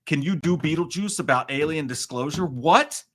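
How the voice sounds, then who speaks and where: A man in his thirties chats alone on a home livestream and reads viewer comments aloud. He rambles and pokes fun at himself, jumping between loud outbursts and quiet asides. His voice sits in an ordinary middle pitch and comes across bright and forceful. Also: a little fast. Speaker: livestream host. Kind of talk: solo livestream chat reading viewer comments.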